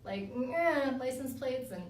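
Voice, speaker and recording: A high-voiced woman teases her co-host and tells stories with lively energy, swearing often. She sits a bit back from the mic, and the room adds a clear echo. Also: measured pace, far from the mic. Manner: teasing, animated storytelling, lots of swearing. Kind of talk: casual banter.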